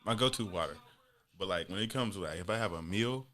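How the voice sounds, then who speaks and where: A man's voice: low voice, fast talker, pushed and bright. A young man co-hosting a podcast, telling jokey stories with a lot of laughter in casual chat. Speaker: podcast co-host.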